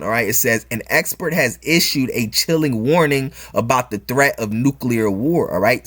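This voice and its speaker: A man's voice: on the high side, fairly bright tone, husky. Emphatic man preaching over news. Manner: peppers speech with "all right?" and "man", chuckles often; emphatic, repeats key phrases. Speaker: religious video commentator. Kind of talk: preachy commentary reading news and scripture aloud.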